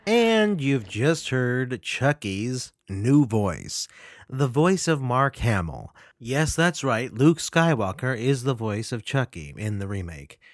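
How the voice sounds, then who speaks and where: A man's voice: medium pitch, very animated, takes it slowly, no echo, studio quality. A man giving opinionated film commentary who speaks in an indignant, emphatic way and often repeats himself. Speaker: film reviewer.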